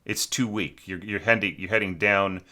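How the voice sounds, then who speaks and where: Male orchestration teacher, low voice with a sharp edge, informal spoken critique with sung examples. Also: steady tone, normal speed. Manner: chatty, full of fillers, sings phrases to illustrate. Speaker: orchestration teacher reviewing student scores.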